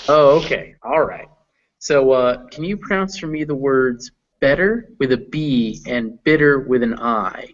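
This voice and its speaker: A man's voice: medium pitch, unhurried. A man teaching English pronunciation in an online lesson, patient and encouraging, with lots of fillers. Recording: dull lo-fi voice chat audio.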